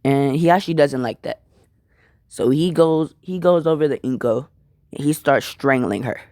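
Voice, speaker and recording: A man's voice: fairly high pitch, measured pace, darkish tone, no echo, studio quality. A young man casually retelling a fan-made story, rambling with lots of fillers. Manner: rambling, filler-heavy, apologetic asides.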